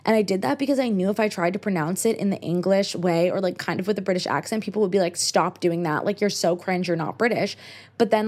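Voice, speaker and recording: A woman's voice: mid-range voice, a little mellow. A young American woman in her twenties hosting a podcast, chatting casually on her own and filling her talk with "like". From United States. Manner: chatty, many "like" fillers. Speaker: podcast host. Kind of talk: casual solo chat.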